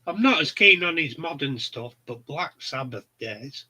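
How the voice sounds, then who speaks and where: A middle-aged man rambles through stories in blunt, casual chat. He talks unhurriedly in a bright, edgy voice that sits a little high for a man. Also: animated, unhurried, poor audio. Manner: rambling, blunt, laughs at his own stories. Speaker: channel host.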